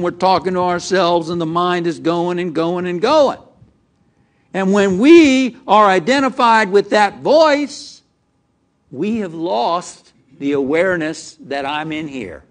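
A male minister giving a sermon to a live congregation, asking them direct questions as he speaks. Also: high-pitched. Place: church hall with a live congregation.

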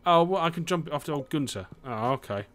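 A young British gaming streamer chats casually during a let's-play of a farming game, swearing often and humming to himself. His voice sits on the high side, fairly bright, with lively intonation and a fast pace.

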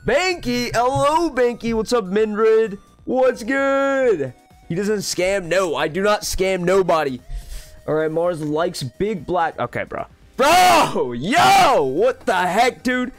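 A man live-streaming a game, reading viewers' chat aloud with quick, excitable reactions. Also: high voice.

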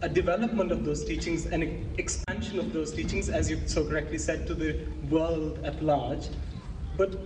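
A man in the audience putting a question to the speaker, hesitant and measured, halting with fillers. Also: on the high side, fairly even intonation. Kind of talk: question from the floor. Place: large lecture hall. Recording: roomy hall, far from mic, noise.

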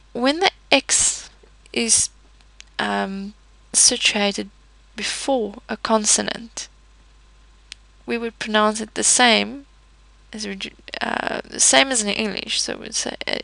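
Slow, gravelly-voiced woman teaching pronunciation. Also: a little high, bright, forceful tone, no echo, low-quality recording. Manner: slow, patient explaining with fillers and self-corrections. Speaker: French teacher. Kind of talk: pronunciation lesson.

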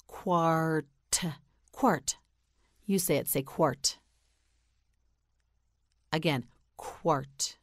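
Slow, carefully enunciating American woman teacher. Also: deep voice, breathy edge, no echo, clean studio sound. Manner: slow, carefully enunciated, repeating words for learners. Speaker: English pronunciation teacher. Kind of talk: slow drilled vocabulary lesson.

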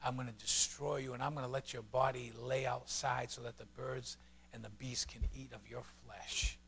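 A man's voice: mid-range voice, steady tone, moderate pace, creaky, fairly bright tone, a little hiss or hum, voice pushed down. A man preaching, voicing a scornful male giant warrior who taunts a boy. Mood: menacing. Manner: taunting, mocking.

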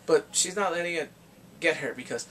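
A man's voice: a little high, fairly quick, pushed and bright, a little hiss or hum. A man recapping an anime episode in a casual review, acting out scenes with laughs and exclamations.

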